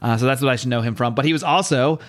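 A man's voice: medium pitch, racing, fairly bright tone. Irreverent man recapping comics. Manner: irreverent, profane, laughing often. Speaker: podcast host. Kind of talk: casual comic book recap.

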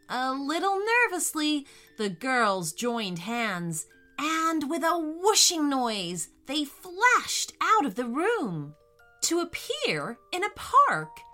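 Animated woman reading a bedtime story, lively pitch, slow and clear, faint music. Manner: warm, expressive and animated. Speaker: children's storyteller. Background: soft music.

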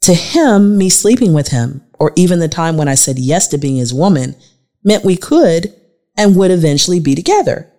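A Southern woman in her forties narrates her memoir as an audiobook, with a Southern American accent. Her voice sits fairly low, and her reading is emotional and confessional. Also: big pitch swings, normal speed, warm tone. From Southern United States. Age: 40s.

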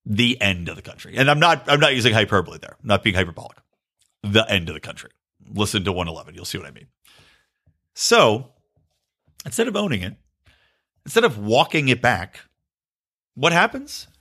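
A man's voice: on the low side, sing-song, fairly quick, pauses often, pushed and bright. A man hosting a political podcast, ranting with profanity and sarcastic mock quotes. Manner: profane, sarcastic, mocking voices of others. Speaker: podcast host.

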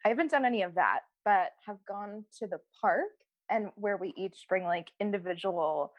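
A woman's voice: mid-range voice, normal speed, no room sound, highs cut off. A young woman in her twenties, a podcast guest, chatting casually, mocking herself with a laugh. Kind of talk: casual chat.

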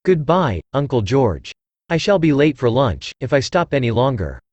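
Synthetic man voicing an ironic young gentleman. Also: mid-range voice, big pitch swings, moderate pace, no echo.

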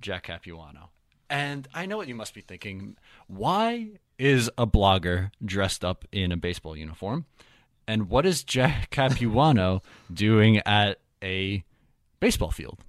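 A young man hosts a casual hockey podcast, telling a story in a laid-back, joking way. His voice is on the low side, animated and unhurried, with no echo.

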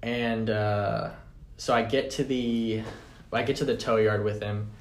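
A man's voice: lowish voice, steady tone, measured pace. A young adult man, a podcast guest, telling a personal story in a casual, rambling way full of "like" and "man". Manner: rambling, fillers like 'like' and 'man'. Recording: roomy echo.

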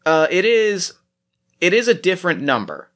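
A man narrating as game master, talking in halting bursts full of restarts and fillers. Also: sits high, huge pitch swings, a bit bright.

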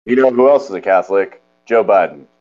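A young man co-hosting a podcast in casual chat, animated and jokey with lots of stumbling restarts. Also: sits low, a little fast. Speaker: podcast co-host. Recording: dull lo-fi recording.

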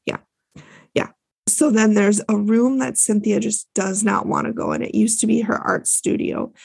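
A woman's voice: medium pitch, steady tone, moderate pace, gravelly, a little mellow, husky, dry recording. A woman co-hosting a podcast, chatting casually as she recaps a show with many fillers and restarts. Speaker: podcast co-host.

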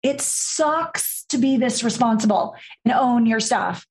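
A woman's voice: a little high, a little slow. A woman who works as a life and intimacy coach, talking as a podcast guest and acting out the voices in her stories. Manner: animated storyteller, acts out quoted voices, swears freely.

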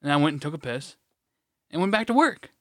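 A man's voice: on the high side, expressive, a little fast, dry recording, clean studio sound. A man co-hosting a podcast, telling a rambling, blunt story in casual chat, swearing freely and restarting his sentences. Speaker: podcast co-host.

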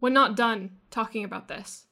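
A woman's voice: a little high, moderate pace, bright, forceful tone, pitched above the performer's own voice. A woman doing a hurt, grieving alien friend.

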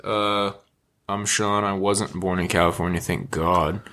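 A man with a low voice chats on a casual podcast. He is laid-back and jokey, dropping dry asides rather than long speeches. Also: steady tone, measured pace, bright, forceful tone. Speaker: podcast co-host.

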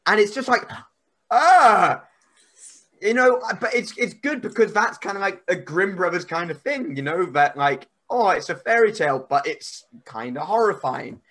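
Guy rambling on a podcast, kinda high voice, animated. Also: normal speed, hardly any pauses. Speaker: podcast guest. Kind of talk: casual podcast chat.

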